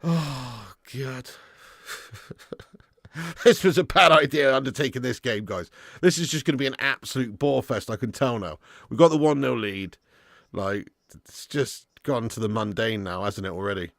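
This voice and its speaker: A man's voice: mid-range voice, normal speed, creaky, fairly bright tone, no room sound, clean studio sound. A man hosting a live football watch-along stream, chatting and laughing with viewers while a bit snotty and ill. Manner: chatty, reads chat aloud, laughs often.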